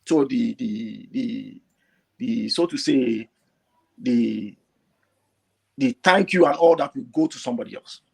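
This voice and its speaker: A man calling in to a talk show, speaking with emotion, repeating himself and rising to near shouts. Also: medium pitch, slow pace, creaky, long pauses, husky. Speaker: caller. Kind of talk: impassioned call-in commentary.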